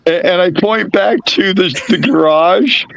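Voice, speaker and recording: A man playing in a tabletop game, crude and quick to swear. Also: high voice, gravelly, a bit bright, no room sound, dull audio. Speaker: player.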